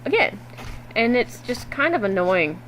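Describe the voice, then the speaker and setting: A woman vlogging to her webcam at home, recapping a video game in a loose, animated way and swearing freely. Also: on the high side, a little slow, a little hiss or hum, rough recording. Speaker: gaming vlogger. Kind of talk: casual game recap to camera.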